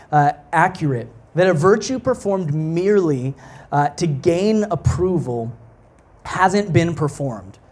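Young man preaching casually. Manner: casual, conversational, many fillers and restarts; drops soft and low in prayer. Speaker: pastoral apprentice, guest preacher. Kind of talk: sermon.

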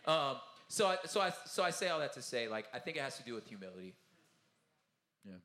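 A man's voice: medium pitch, brisk. A man speaking at a conference talkback in a loose, rambling style. He keeps adding "you know what I'm saying" and acts out the people he quotes. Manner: animated storyteller who acts out the people he quotes. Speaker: touring Christian music artist at a conference talkback. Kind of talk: casual conversational talkback. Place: event hall. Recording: roomy event hall sound.

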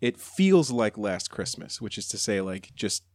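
A man's voice: fairly low pitch, sing-song, unhurried, darkish tone, no room sound. Guy gushing about songs on a podcast, chatty and a bit campy, dry close sound. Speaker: podcast co-host. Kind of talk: casual chat.

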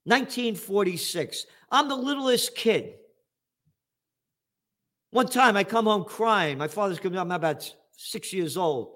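A man's voice: high voice, animated, measured pace, pushed and bright. Blunt profane older New man. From New York, USA. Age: 70s. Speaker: host. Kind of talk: ranting commentary.

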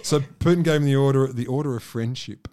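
A man co-hosting a podcast, cracking wry, deadpan jokes. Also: mid-range voice, a little fast. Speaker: podcast co-host. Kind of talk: casual chat.

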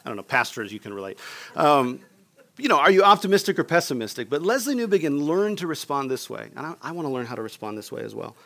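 A man's voice: medium pitch, very animated, quick pace, creaky, fairly bright tone. A man preaching a sermon as a pastor, earnest, often asking the room for a response.

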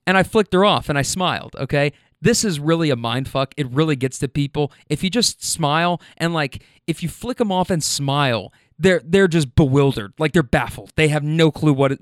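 A man telling rideshare stories on his podcast, loose, profane and animated, laughing along. His voice is smooth and clear, slightly higher than most men, and the sound is close and dry. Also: no echo. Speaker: podcast host and rideshare driver. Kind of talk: casual storytelling.

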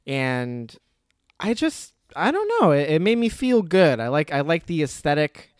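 A man with a slightly higher voice, smooth and clear, hosting a casual movie review chat. He talks loosely, swears freely and laughs easily. The sound is dry and close. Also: very animated, unhurried, dry recording. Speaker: podcast host.

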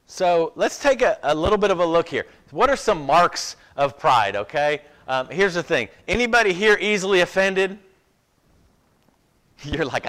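A man's voice: a little high, animated, normal speed, a bit bright. A man preaching a sermon in a casual, conversational way, with self-deprecating asides and a habit of checking in with "okay?". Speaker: pastor.

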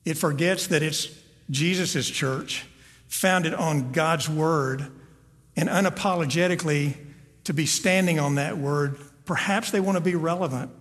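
A man's voice: a little high, unhurried, fairly bright tone. A man preaching a sermon to his congregation as pastor, earnest and often repeating words as he searches for the next one. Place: church sanctuary. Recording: long hall reverb.

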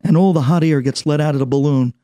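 A man preaching through a story with dramatic swings from loud to hushed. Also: on the high side, fast, no room sound. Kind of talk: storytelling sermon.

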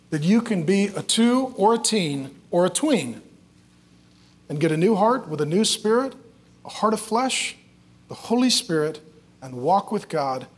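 Animated preacher man, loud then hushed. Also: a little high, slightly rough. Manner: animated storytelling, swinging from loud and jokey to hushed and tender. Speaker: pastor. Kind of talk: sermon.

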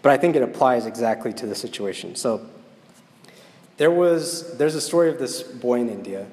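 A man's voice: medium pitch, animated, moderate pace, darkish tone. A man giving a storytelling sermon and then a prayer, talking conversationally and often checking in with "right?". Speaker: preacher. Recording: echoey hall with long reverb.

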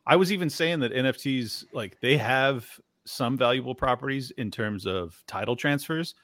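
A blunt, emphatic man chatting on a podcast and swearing freely. His voice sits in a middle pitch. It is recorded dry and close, with no room echo. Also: moderate pace, a bit bright. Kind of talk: casual podcast chat.

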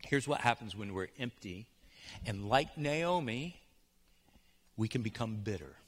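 A man preaching a sermon, swinging from hushed, soft passages to loud, urgent pleading. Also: fairly low pitch, lively intonation, measured pace, slightly rough, long reverb tail. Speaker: pastor. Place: church sanctuary.

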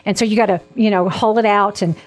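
A woman hosting a Christian talk show, telling stories in a chatty, animated way with frequent laughs. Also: mid-range voice, fast, soft background music. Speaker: host.

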